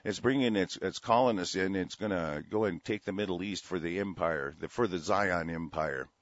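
A man's voice: deep voice, normal speed, dry recording, muffled recording. Angry, profane ranting man. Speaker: host. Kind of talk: ranting commentary over read news.

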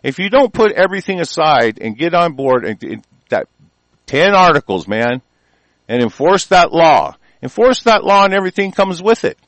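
A man on an angry political tirade, his fairly high voice swinging widely up and down. He rambles and restarts, peppering his speech with fillers and swearing. The recording is dry and close, with no room sound. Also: sing-song, normal speed, a bit bright, no echo, rough recording. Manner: heated and rambling, frequent stumbles and fillers, profane. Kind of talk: political rant monologue.

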